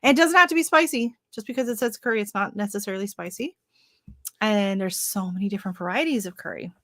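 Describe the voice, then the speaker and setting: A woman's voice: mid-range voice, expressive, fast, a bit bright. A woman hosting a live stream, chatting casually with viewers, greeting them by name and rambling with lots of fillers. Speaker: livestream host. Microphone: livestream setup.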